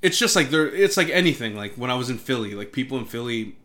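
A man casually telling a story and chatting on a podcast, animated, says "like" constantly and swears a lot. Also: medium pitch, fast talker.

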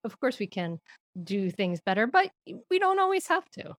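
A woman speaking as a guest expert on parenting in an interview, with an earnest, gentle, explanatory manner. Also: a little high, very animated, normal speed, dry recording, studio quality. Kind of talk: interview answers.

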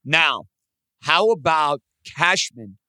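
Male co-host, slightly high pitch, smooth tone, steady storytelling delivery. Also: slow pace, no echo. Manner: storytelling, steady, sets up points for his co-host. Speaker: podcast co-host. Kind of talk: casual sports chat.

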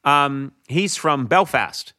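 Talk show host as guest, bright forward voice, relaxed anecdotes. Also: male voice, a little high, slow. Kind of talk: casual anecdote telling.

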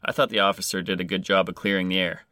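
A man's voice: deep voice, steady tone, quick pace, sharp tone, no echo, studio quality. A man hosting a podcast, reading a scripted story with crude, sarcastic jokes. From Canada. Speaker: podcast host.

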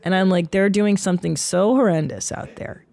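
A woman hosting a comedy podcast, telling rambling, profane anecdotes in a casual, animated way. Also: on the low side, normal speed, gravelly.

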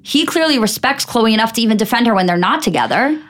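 A woman's voice: a little high, lively intonation, quick pace, a bit bright. A young woman co-hosting a podcast, chatting playfully and joking about herself while recapping a show. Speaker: podcast co-host. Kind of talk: casual chat recapping a TV show.

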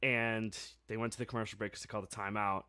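A man co-hosting a sports podcast, telling a game story in a casual, excitable way with lots of fillers. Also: on the low side, fast, clear, resonant tone, dry recording, clean studio sound.

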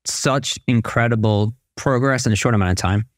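A man's voice: medium pitch, moderate pace, dry recording. Man, podcast co-host, tired, chatty, laughs a lot, dry studio sound. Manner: chatty storyteller, laughs often, rambling restarts. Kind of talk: casual podcast chat.

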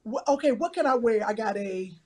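A woman's voice: fairly high pitch, lively intonation, fairly quick, a little mellow. A woman, chatting casually and playfully, often breaking into laughter. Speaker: talk show co-host. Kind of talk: casual chat on a phone or video call.

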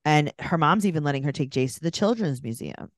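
A woman's voice: low-pitched, a little fast, no echo, clean studio sound. A woman co-hosting a podcast, recapping a reality show in casual chat and acting out the people she quotes. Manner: animated, mimics people in quoted voices. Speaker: podcast co-host.

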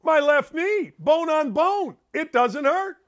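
A man's voice: extremely high pitch, expressive, slow, a bit bright. A middle-aged man hosting a sports talk show from home, ranting in an emphatic, sarcastic and digressive way. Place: home studio.

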